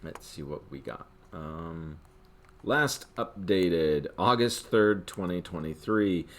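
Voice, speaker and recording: An older man giving a casual rant about a video game, swinging between loud outbursts and muttered asides. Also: low voice, animated, slow pace, a little hiss or hum. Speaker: gaming commentator.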